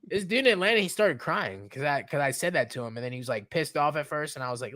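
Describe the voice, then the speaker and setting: Guy on a podcast, bit high voice, laughing thru his stories, swears a lot. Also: a little fast. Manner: laughs often, animated storytelling with profanity. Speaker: podcast guest. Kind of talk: casual podcast chat.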